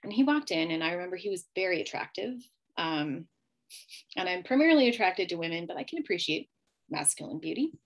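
A woman's voice: on the low side, very animated, fairly quick, lo-fi sound. A woman hosting a podcast, candidly telling her own story with emotion and many fillers. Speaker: podcast host. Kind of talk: personal storytelling monologue.

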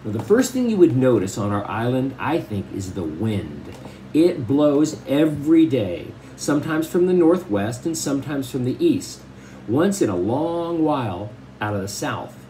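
A man reading a novel aloud and stopping to explain it in relaxed, plain asides. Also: medium pitch, unhurried, slight background noise, rough recording.

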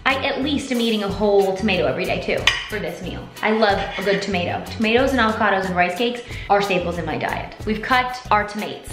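A woman's voice: fairly high pitch, lively intonation, fast talker, fairly bright tone. A woman vlogger chatting playfully through a cooking demo, bubbly and full of slang, at home in her kitchen. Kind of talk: casual cooking demo chat. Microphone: vlog camera. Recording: roomy kitchen echo, faint music.

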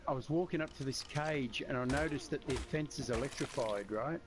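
A man's voice: mid-range voice, a little fast. A man chatting casually on voice chat during a game stream, telling long rambling anecdotes. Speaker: friend on voice chat. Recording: noisy voice-chat audio.

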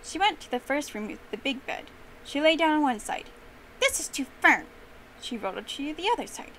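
Animated high-voiced young woman storyteller. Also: a little fast, a little hiss or hum, poor audio. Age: young adult. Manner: expressive, animated narration. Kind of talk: memorized storytelling performance.

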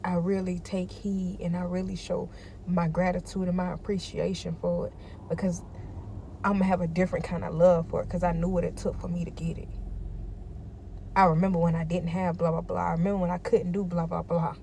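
This vlogger is tired, and her lowish voice is level, gravelly, and mellow as she talks a little fast over slight background noise. Emphatic and self-encouraging, she keeps repeating herself in her personal vlog.

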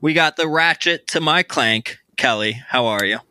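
A man's voice: a little high, moderate pace, sharp tone, clean tone, no room sound. A man hosting a casual podcast chat, playful and laughing often, recorded remotely. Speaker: podcast host. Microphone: remote recording mic.

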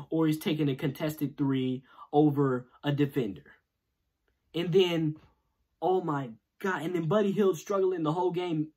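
A man hosting a sports video channel, ranting in a casual, irritated way after a loss, jumping between loud outbursts and low muttering. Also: slightly rough. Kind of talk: casual post-game rant.

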